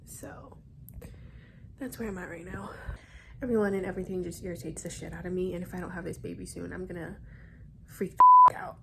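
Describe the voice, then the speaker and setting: This vlogger is a heavily pregnant young woman keeping a casual video diary, speaking bluntly into her phone camera at home and later in a hospital, swearing and talking through tears and labor pain. Her voice sits fairly low with a steady tone and vocal fry, and she races along. The recording is very noisy.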